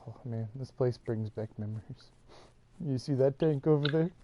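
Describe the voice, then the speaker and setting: A man's voice: mid-range voice, moderate pace, muffled recording, slight background noise. Jokey man chatting while gaming. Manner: jokey, loose, laughs often. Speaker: podcast co-host. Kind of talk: casual chat while gaming.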